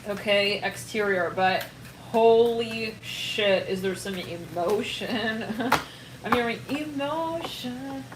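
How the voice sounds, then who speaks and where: Excitable rambling woman reading tarot. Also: mid-range voice, slow pace, echoey room, noisy background. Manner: excitable, rambling, laughs often and trails off. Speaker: tarot reader. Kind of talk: casual tarot reading to camera.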